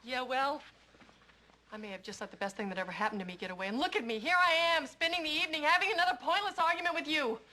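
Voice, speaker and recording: An actress in a TV drama clip, exasperated and sharp-tongued, over noisy audio. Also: female voice, high voice, fast.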